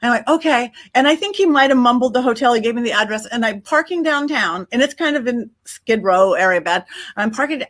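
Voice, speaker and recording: Woman, fairly high voice, animated storyteller, casual podcast chat, frequent restarts. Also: fairly quick. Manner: animated, acts out her own quotes, many restarts. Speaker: podcast guest, psychic medium.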